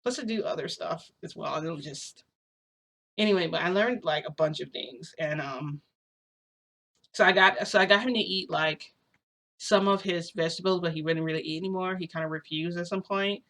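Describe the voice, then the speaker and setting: Young woman, low voice, casual storytelling, chatty, rambling. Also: moderate pace, a bit bright. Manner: rambling, filler-heavy, chatty.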